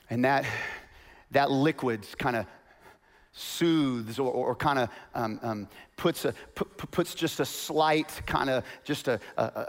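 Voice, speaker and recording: A male pastor preaching a sermon, moving from hushed, quiet storytelling to loud, rising proclamation and calling on the congregation to repeat after him. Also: medium pitch. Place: church.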